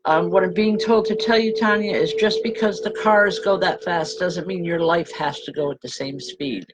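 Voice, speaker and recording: A woman reverend giving live spirit readings to viewers, speaking gently and haltingly and calling people by name. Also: on the low side, heavy background noise.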